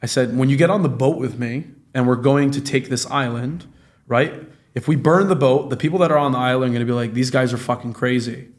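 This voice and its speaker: A real estate business owner in his late twenties guests on a relaxed podcast, talking at a quick pace in a mid-range voice. He's an animated, foul-mouthed storyteller who acts out the dialogue of the characters in his tales.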